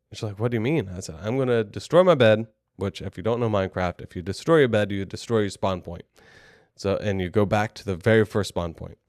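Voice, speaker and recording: A man's voice: fairly low pitch, darkish tone, no room sound, clean studio sound. A young adult man co-hosting a podcast, telling a story in a chatty, rambling, self-deprecating way. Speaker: podcast co-host.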